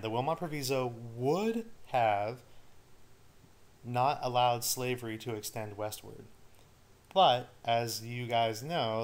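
A male history teacher giving a recorded study-guide lecture, casual and joking with his students. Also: mid-range voice.

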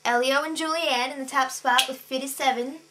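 A woman co-hosting a casual chat, tossing in quick retorts and laughs. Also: sits high, fairly even intonation, bright, forceful tone. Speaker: co-host.

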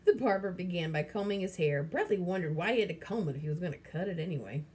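A woman reads a children's novel aloud, now and then breaking off to explain the story in plain, casual words. Her voice sits fairly low and has a husky edge. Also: expressive, quick pace, darkish tone. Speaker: reader.

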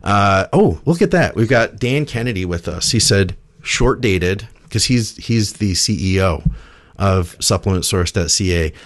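A man hosting a casual podcast, reading sponsor plugs and shout-outs in a loose, relaxed way with plenty of fillers. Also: deep voice, a little slow, no room sound, studio quality. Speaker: podcast host.

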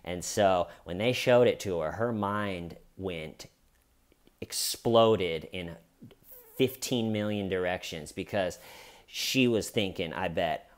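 A man's voice: low-pitched, takes it slowly. A man giving casual comedic commentary on a true crime case, with sarcastic, incredulous asides.

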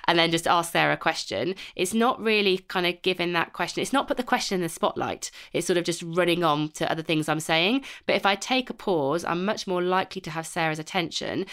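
A woman co-hosting a podcast, talking in a chatty, quick way and laughing between points. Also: on the low side, fairly bright tone, clear, resonant tone. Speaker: podcast co-host. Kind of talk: casual podcast chat.

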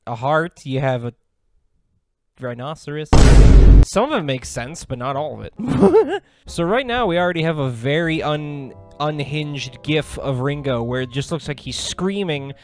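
A young man giving comedic commentary with deadpan jokes and sudden laughs. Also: on the high side, measured pace, music in the background. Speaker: commentary YouTuber.

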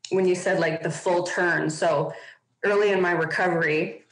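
A woman's voice: lowish voice, fairly even intonation, moderate pace, echoey room, a little hiss or hum, poor audio. A woman guest on a podcast, telling a personal story openly and earnestly, with lots of casual fillers.

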